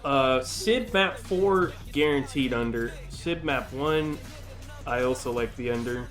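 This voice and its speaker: Excitable, profane streamer man. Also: medium pitch, slow, faint music behind. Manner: excitable, profane, laughs often. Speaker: streamer reacting to a broadcast. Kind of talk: casual live-stream commentary.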